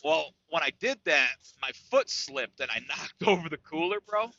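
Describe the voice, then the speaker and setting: Telling a funny story on his podcast, this New York co-host swears a lot and says "dude" almost constantly. He speaks at a moderate pace in a highish, animated voice that's pushed and bright, recorded lo-fi with no room sound.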